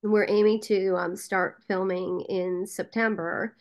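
A woman appears as a podcast interview guest; she's a casting director and producer who tells a story with liveliness, often dropping in "um." Her voice is medium in pitch and her pace is relaxed.

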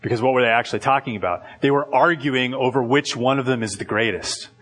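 A man preaching a sermon as pastor, in a loose conversational way full of "like" and quick restarts. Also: mid-range voice, fairly bright tone.

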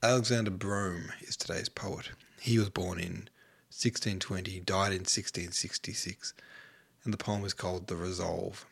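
A man's voice: deep voice, steady tone, normal speed, vocal fry, slightly rough. A man hosting a casual solo podcast, short of breath, rambling and offhand, sometimes sinking to a near-whisper. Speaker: podcast host.

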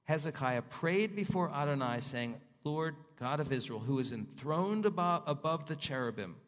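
A male pastor preaching a sermon, reading scripture aloud and voicing prayers with fervor, his pitch rising and falling. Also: lively intonation, normal speed, few pauses, fairly bright tone. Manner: rises and falls in pitch, voices prayers with fervor. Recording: long hall reverb.

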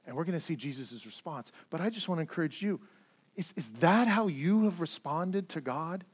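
A man preaching a sermon as pastor, earnest, repeating words as he stresses points and swinging between loud and hushed delivery. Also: fairly high pitch, expressive, normal speed, slightly rough.

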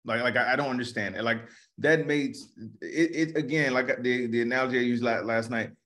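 A laid-back man chats on a podcast at a middle pitch. He rambles through his points and often restarts his sentences. He mixes in easygoing slang. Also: a little fast, a bit bright. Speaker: podcast co-host. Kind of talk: casual podcast chat.

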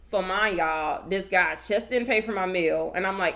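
Animated woman telling a dating story. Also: moderate pace. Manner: animated, acts out quotes with big pitch jumps. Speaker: podcast co-host. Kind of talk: casual storytelling chat.

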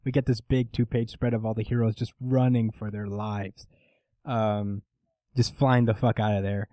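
A man co-hosting a casual manga chat, talking in an animated way, swearing often and acting out characters' lines. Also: fairly low pitch, normal speed, no echo. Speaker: podcast co-host recapping manga.

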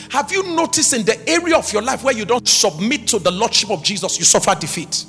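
High-voiced man preaching in an echoing hall. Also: lively intonation, brisk. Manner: emphatic, rhetorical questions, bursts of shouting. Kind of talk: sermon. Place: church hall. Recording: reverberant hall with music behind.

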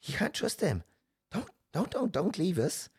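An Irish man voicing coaxing, possessive dark demon spirits in a pleading, repetitive way. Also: high voice, huge pitch swings, unhurried, breathy edge, pitched above the performer's own voice, exaggerated voice.

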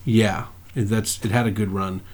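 A man's voice: fairly low pitch, fairly even intonation, normal speed. A man co-hosting a podcast in casual, profane chat, rambling about old movies and TV shows. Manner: profane, rambling, acts out movie scenes with loud voices. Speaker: podcast co-host.

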